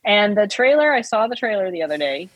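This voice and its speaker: A woman's voice: mid-range voice, sing-song, fairly quick, dry recording, rough recording. A woman co-hosting a podcast in casual chat, chatty and rambling with gushing asides. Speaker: podcast co-host.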